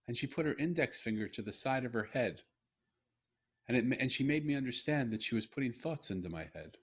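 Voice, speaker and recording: A man's voice: medium pitch, animated, fairly quick, breathy edge. A middle-aged man, a guest author, telling a personal story in a podcast interview in an earnest, heartfelt way with frequent restarts.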